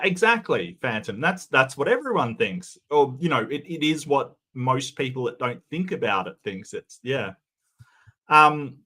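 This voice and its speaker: A man's voice: mid-range voice, a bit bright. A man hosting a casual livestream, reading forum posts and chat comments aloud and chatting about them.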